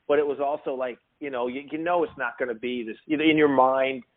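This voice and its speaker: A man from Newfoundland telling a lively story in casual chat, acting out the lines of the people in it. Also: mid-range voice, fast talker. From Newfoundland, Canada. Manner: animated anecdote teller who acts out quotes. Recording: phone-like narrow audio.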